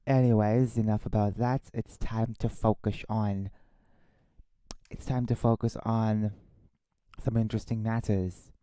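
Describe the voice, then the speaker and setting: Male streamer, lowish voice, dry close mic; slow rambling complainer who corrects himself. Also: level tone, no echo. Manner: rambling, complaining, restarts and re-says lines; drops to a hushed voice at times. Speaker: livestreamer. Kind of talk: casual solo livestream chat. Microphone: own desktop microphone.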